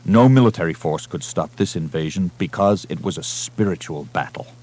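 A man narrating a science-fiction novel as an audiobook reader, with a measured, dramatic delivery. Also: deep voice, expressive, darkish tone. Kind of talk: scripted narration.

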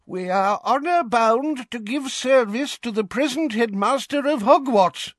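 A man's voice: animated, unhurried, no room sound, studio quality, full character voice. A man voicing a frail old male wizard in a portrait who cries out indignantly in a storybook reading. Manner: high, indignant crying out.

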